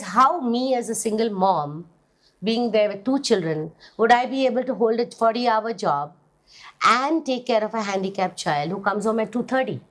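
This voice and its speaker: A middle-aged woman with an Indian English accent, earnestly giving personal testimony in an interview, often repeating and restarting her words. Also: medium pitch.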